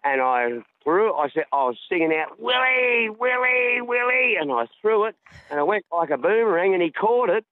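Aussie bloke on a tinny phone line, slightly high voice, chatty and rambling. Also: male voice, expressive, fairly quick, hardly any pauses, no echo. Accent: Australian. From Australia. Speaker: caller. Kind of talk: phone-in radio chat.

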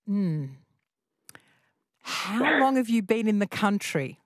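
A woman hosting a radio talk show, chatty and quick with questions. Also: mid-range voice. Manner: lively, chatty, jumps in with questions. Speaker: radio host.

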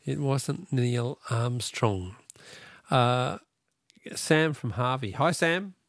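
A man's voice: mid-range voice, extremely slow, vocal fry, dry recording, clean studio sound. A middle-aged Australian man hosting a talkback radio quiz, chatty and joking with callers. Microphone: studio microphone.

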